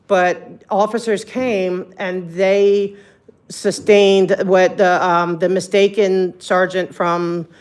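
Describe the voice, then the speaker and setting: A person making a public comment at a meeting. The delivery rambles and hesitates, with frequent ums, in a flat, even tone. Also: medium pitch, slow pace.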